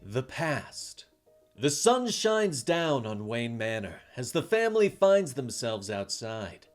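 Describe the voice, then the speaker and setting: Animated male storyteller over faint music. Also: medium pitch, slow. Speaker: narrator. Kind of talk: scripted comic story narration.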